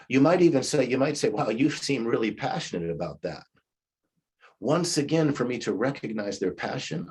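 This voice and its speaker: Husky-voiced man in his fifties teaching. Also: on the low side, a little mellow. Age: 50s. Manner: conversational teaching, acts out quoted replies. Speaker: leadership coach. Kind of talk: recorded class lecture.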